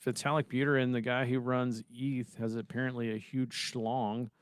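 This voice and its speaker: A medium-pitched man speaks smoothly and levelly at normal speed in a dry, studio-quality recording. Co-hosting a podcast, he drifts casually through baseball and movie talk, laid-back and occasionally swearing.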